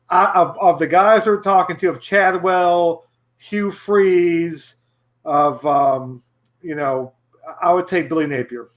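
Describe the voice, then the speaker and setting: A man co-hosting a casual sports podcast, rambling and restarting his sentences. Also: on the high side. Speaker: podcast co-host.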